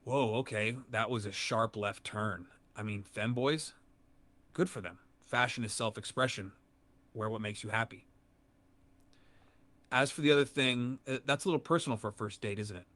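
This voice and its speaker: A man's synthetic AI voice answering in a calm, good-natured, measured way. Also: mid-range voice. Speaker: AI chat companion. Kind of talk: conversational AI replies.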